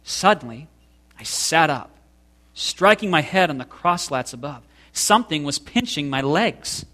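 Male reader, slightly high voice, slow expressive memoir reading.

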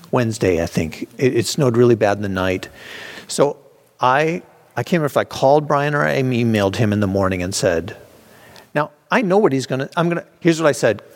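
A man leading an informal Bible study, talking conversationally with restarts and acting out the voices people use to excuse themselves. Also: mid-range voice. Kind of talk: informal teaching.

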